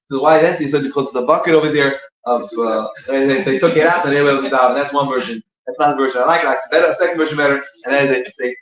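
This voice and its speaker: A man giving an informal teaching talk, rambling and restarting as he searches for words. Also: mid-range voice. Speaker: speaker giving a short talk between prayers. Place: synagogue room. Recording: echoey room.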